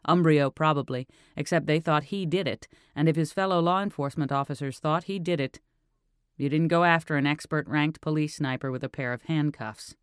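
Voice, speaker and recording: A man reading an audiobook, narrating with steady tension. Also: on the high side, smooth, no room sound, studio quality.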